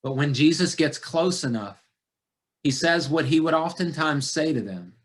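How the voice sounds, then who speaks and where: With a slightly high voice and lively intonation, a man delivers a sermon as pastor. He addresses the congregation deliberately and searchingly, asking rhetorical question after rhetorical question.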